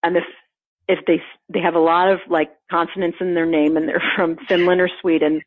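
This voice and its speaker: An American woman guest, a composer and conductor, telling lively stories and acting out the people she quotes. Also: lowish voice, a little fast, no echo. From United States. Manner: lively, laughing often, acts out quoted people. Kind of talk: animated storytelling in an interview. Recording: tinny phone-line sound, dry.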